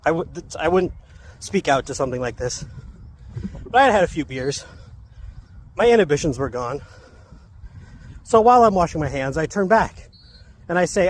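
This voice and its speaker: A soft-spoken man telling a funny story in a casual, wry way while out on a walk. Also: on the high side, very animated, normal speed, pauses often, slight background noise. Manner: self-described soft-spoken, wry and amused. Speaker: vlogger. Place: outdoors on a walk.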